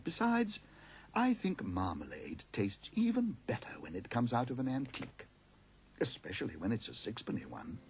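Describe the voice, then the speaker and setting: A man voicing an eager, polite young bear in a storybook reading, with high excited exclamations. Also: normal speed. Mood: earnest.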